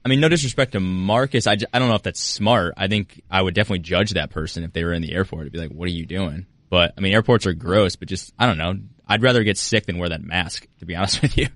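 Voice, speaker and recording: A man's voice: deep voice, quick pace, few pauses, fairly bright tone, dry recording. A man chiming in on a radio show, blunt and offhand. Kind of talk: casual radio chat.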